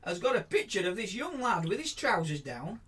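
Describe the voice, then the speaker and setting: A man's voice: high-pitched, very animated, fairly quick, a bit bright, slightly rough. A man co-hosting a casual podcast, reading a news story aloud with giggles and dry asides. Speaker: podcast co-host.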